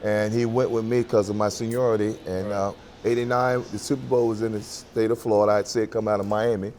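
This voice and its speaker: A man's voice: on the low side, flat delivery, brisk, a little mellow, slight background noise. A man in his sixties telling stories in a roundtable chat, laughing and acting out dialogue. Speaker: former running back.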